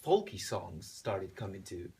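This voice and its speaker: A man's voice: low voice, sing-song, vocal fry, warm tone, slight background noise. A man from Lithuania with a Lithuanian accent, English not his first language, answering interview questions as a singer and searching for his words. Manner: slow, searching for words, many restarts. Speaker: singer, contest entrant. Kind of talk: casual interview.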